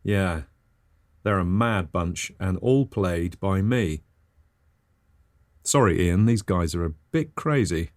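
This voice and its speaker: A man's voice: deep voice, expressive, takes it slowly, long pauses, darkish tone, no room sound, studio quality. A man hosting a comic podcast, talking in a chirpy, eager and over-apologetic way. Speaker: podcast host. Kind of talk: comic scripted host patter.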